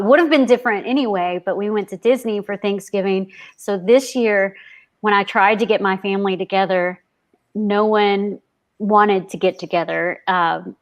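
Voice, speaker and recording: Reflective woman co-hosting a live stream. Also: medium pitch. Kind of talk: casual chat on a live stream.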